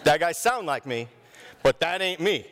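A man voicing a sly man who calmly denies the obvious with wry deadpan. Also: fairly high pitch, moderate pace. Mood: denying. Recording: long hall reverb.

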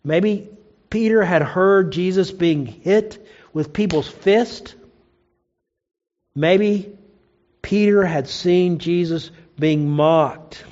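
Male preacher with a high voice, storytelling sermon delivery, dull lo-fi recording. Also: extremely slow, long pauses, darkish tone. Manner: storytelling, acts out quoted lines with rising pitch.

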